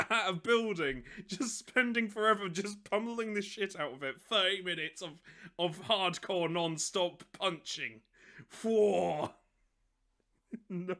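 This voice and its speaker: Giggly rambling man, slightly high voice. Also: pushed and bright. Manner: giggly, rambling, laughs often. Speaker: channel host. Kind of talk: casual solo commentary on a miniature.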